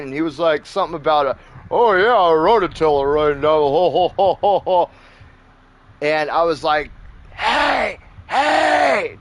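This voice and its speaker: A man hosting a gaming channel, telling a story in a rambling, profane, casual way. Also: on the high side. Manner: rambling and profane, with many fillers.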